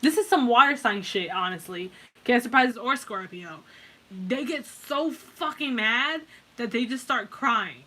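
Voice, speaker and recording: A woman's voice: a little high, animated, unhurried, bright, forceful tone. A woman giving a casual pick-a-card tarot reading, blunt and heavily profane, rambling with restarts and fillers as she talks straight to the viewer. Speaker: tarot reader.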